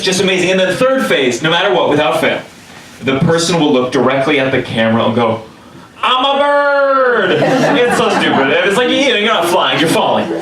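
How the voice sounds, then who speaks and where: A male comedian telling a story on stage, animated and exaggerated, sometimes shouting. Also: medium pitch. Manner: animated, exaggerated quoted voices, bursts of shouting. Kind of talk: stand-up storytelling. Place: club stage with a laughing audience. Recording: echoey room, mic from a distance, crowd laughter.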